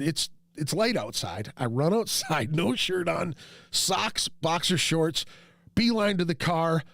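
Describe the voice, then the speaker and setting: A man hosting a podcast who tells a rambling, profane, self-mocking story and jumps into high yelps when quoting himself. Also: dry recording. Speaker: podcast host. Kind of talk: casual storytelling monologue.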